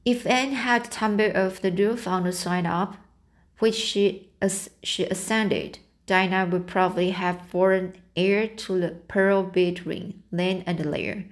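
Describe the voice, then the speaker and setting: Slow, halting woman audiobook reader. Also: mid-range voice, steady tone. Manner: slow, halting, frequent restarts. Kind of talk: reading a novel aloud.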